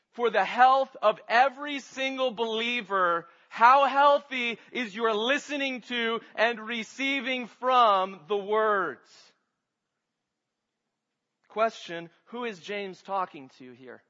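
A man's voice: extremely high pitch, takes it slowly, bright, forceful tone, long reverb tail, muffled recording. A man pastor preaching a sermon, teaching his congregation with rhetorical questions.

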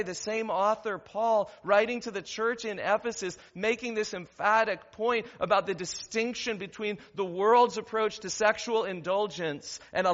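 A man with a fairly high voice preaches a sermon, posing rhetorical questions and rising to loud, emphatic passages. His voice rings with a long reverb in the church sanctuary. The recording sounds dull and lo-fi. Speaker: pastor.

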